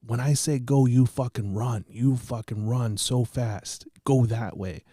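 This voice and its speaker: A man's voice: medium pitch, unhurried, dark tone, no room sound, studio quality, close to an everyday voice. A man voicing a frantic young male construction worker who talks in urgent, profane slang.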